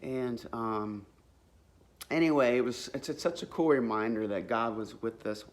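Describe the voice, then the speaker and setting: A man's voice: mid-range voice, normal speed. A man casually telling a personal faith story in a rambling, earnest way, full of fillers and restarts. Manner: faith-filled, religious language. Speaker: vlogger sharing a testimony.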